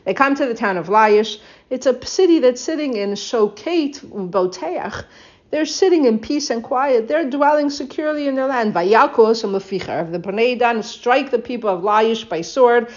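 Animated woman teaching a Bible text. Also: on the high side, moderate pace. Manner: reads Hebrew verses then explains in English, animated retelling. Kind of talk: text study lesson, translating verse by verse. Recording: dull lo-fi recording.

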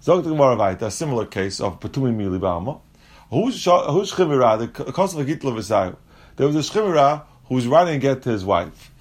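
A man teaching a Talmud lesson, explaining step by step and mixing English with Aramaic and Hebrew terms. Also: quick pace. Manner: animated, jumps in pitch when acting out quotes.

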